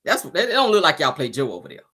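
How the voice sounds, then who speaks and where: A woman's voice: low voice, wildly swooping pitch, fast, a bit bright, husky. A woman hosting a casual celebrity gossip show, sassy and teasing, laughing often as she reacts to viewer comments. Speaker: show host.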